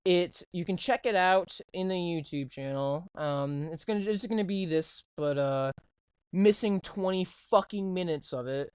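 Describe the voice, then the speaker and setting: A man's voice: sits high, measured pace, smooth, no room sound. A young adult man co-hosting a casual gaming podcast, swearing freely and ranting with repeated "right?". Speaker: podcast co-host.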